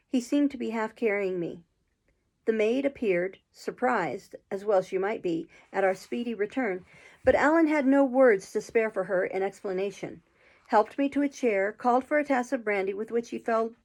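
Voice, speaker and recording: A woman's voice: on the high side, a little mellow. Woman reading a classic novel aloud. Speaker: storyteller.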